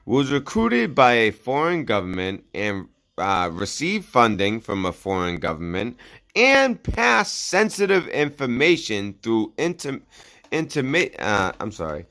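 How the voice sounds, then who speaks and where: A man's voice: mid-range voice, sing-song, takes it slowly, a bit bright. A man hosting a commentary channel, reading news articles aloud and breaking in with sarcastic asides, sometimes stumbling over words. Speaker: political commentary channel host.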